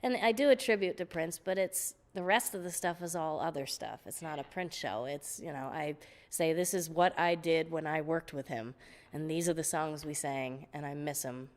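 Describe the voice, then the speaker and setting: A woman guest on an interview show, telling stories in a lively, laughing way, often restarting her sentences. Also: low voice. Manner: animated, laughing storyteller with frequent restarts. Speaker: guest vocalist. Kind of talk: casual interview storytelling.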